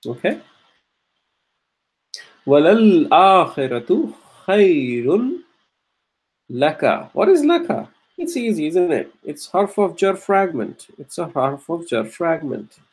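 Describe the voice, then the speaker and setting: A man teaching Quranic Arabic grammar, explaining step by step with frequent restarts and throat-clearing, and chanting verses between explanations. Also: fairly high pitch, big pitch swings, moderate pace, darkish tone. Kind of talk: grammar lesson.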